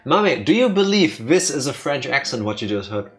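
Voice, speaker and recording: A man's voice: medium pitch, sing-song, brisk. Playful man co-hosting a game stream. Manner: playful, reads game lines in mock-dramatic voices. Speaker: let's play co-host. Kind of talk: casual gameplay chat with voiced readings. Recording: faint music behind.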